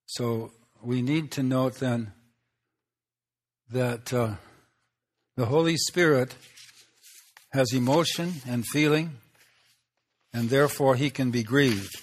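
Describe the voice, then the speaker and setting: Man preaching an unhurried sermon. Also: medium pitch. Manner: unhurried teaching with pauses and rhetorical questions.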